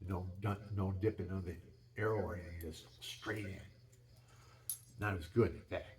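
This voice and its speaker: Heavy background noise surrounds this older man's low, steady voice as he tells stories at a moderate pace. A home video maker, he wanders casually through tales about his home and pets, with frequent restarts and folksy asides.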